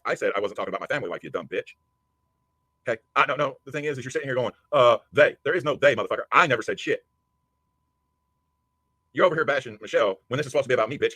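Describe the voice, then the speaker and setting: A male livestreamer unleashes an angry, profane rant at a rival streamer, hurling insults aggressively. His medium-pitched voice is bright and forceful, with no room sound.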